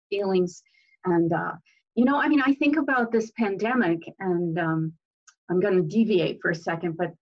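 Slow, earnest woman on dull audio. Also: medium pitch. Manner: earnest, unhurried, many fillers and restarts. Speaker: guest. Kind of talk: heartfelt inspirational talk. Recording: dull lo-fi sound.

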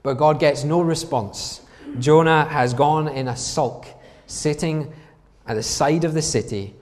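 A man's voice: fairly high pitch, a little slow, darkish tone. Male preacher in a reverberant hall. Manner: emphatic, rhetorical questions to the congregation. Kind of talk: sermon. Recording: long reverb from a large hall.

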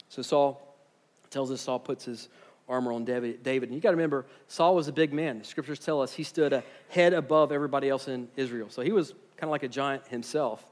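A man preaching a sermon, retelling scripture with lively storytelling, moving between soft asides and loud emphasis. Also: medium pitch, moderate pace, big-room sound. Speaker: pastor.

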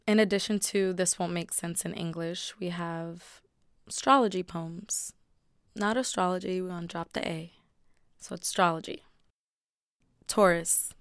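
A woman's voice: fairly low pitch, clear, resonant tone, no room sound, studio quality. A woman poet reading her own poems aloud, with casual, conversational asides between the recited pieces. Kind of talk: poetry reading with spoken commentary.

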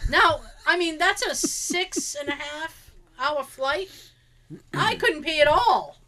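A woman with a high, lively voice tells a story in casual chat. Her tone is bright and forceful, and she acts out every quoted line. She laughs a lot as she goes. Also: slow. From Belgium.

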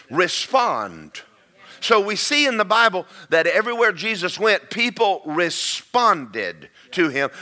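A man preaching a folksy, emphatic sermon, slowing down to stress key words. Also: on the high side, pushed and bright.

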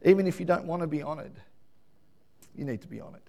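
A middle-aged man preaching a Mother's Day sermon, dropping to quiet asides and then building to loud emphatic shouts. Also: a little high, lively intonation, fast talker, gravelly. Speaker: pastor.

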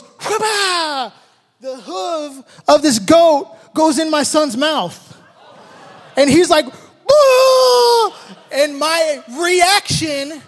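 A man with an unusually high voice tells a story about his family, acting out each beat with shouted sound effects. His words ring out with the long reverb of a large hall. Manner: animated, acts out the moments with shouted sound effects. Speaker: father telling a personal story. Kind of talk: storytelling talk with a life lesson.

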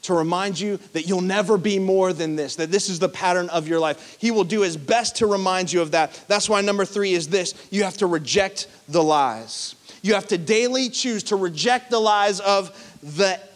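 A man's voice: sits high, moderate pace. A man in his thirties preaching a sermon in a church, conversational, slipping into quoted voices. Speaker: pastor.

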